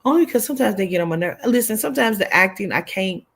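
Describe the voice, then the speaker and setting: A woman's voice: medium pitch, lively intonation, fast talker. A woman hosting a livestream, chatting casually with viewers in a loose, rambling way, cursing freely and answering comments from the chat. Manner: chatty and rambling, with frequent swearing and "child" asides. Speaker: livestream host.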